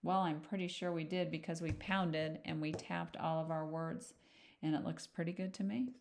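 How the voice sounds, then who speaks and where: A woman teaching young children to read, patiently sounding out letters and words one at a time in a slow, gentle phonics lesson. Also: sits low, steady tone, gravelly, a little hiss or hum. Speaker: reading teacher.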